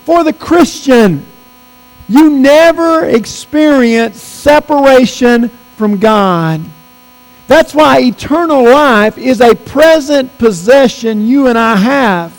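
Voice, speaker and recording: A man preaching a sermon, emphatic, stretching out key words for stress. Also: very high-pitched. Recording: long reverb, mains hum.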